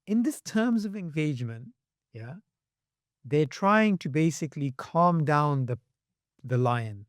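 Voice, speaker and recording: A man on a podcast as a guest, talking with animation and acting out quoted voices with sharp jumps in pitch. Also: sing-song, unhurried, no echo. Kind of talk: podcast conversation.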